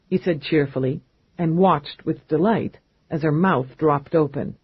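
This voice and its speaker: A man narrating a crime novel audiobook with steady, measured storytelling. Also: on the high side, vocal fry, husky, dry recording, muffled recording. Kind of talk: scripted narration.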